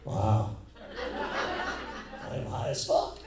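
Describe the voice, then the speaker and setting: A man's voice: very slow, recorded from a distance, very noisy. A man from New York doing stand-up, telling a rambling, profane, self-mocking story on a comedy club stage. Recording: echoey club, mic heard from afar.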